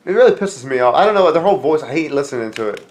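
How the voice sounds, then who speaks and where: A male co-host in a relaxed chat whose voice sits somewhat high. He rambles, jokes and restarts his sentences often. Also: rapid-fire. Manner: joking, rambling, with frequent restarts. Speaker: podcast co-host. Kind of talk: casual chat.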